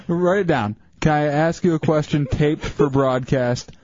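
A man's voice: a little high, takes it slowly, darkish tone, no room sound, dull audio. Joking male radio co-host.

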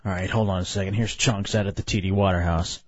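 A man's voice: deep voice, steady tone, fast, breathy edge, no echo. A young man hosting a radio show, trading mock insults in casual banter. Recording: slightly dull radio broadcast with faint hiss.

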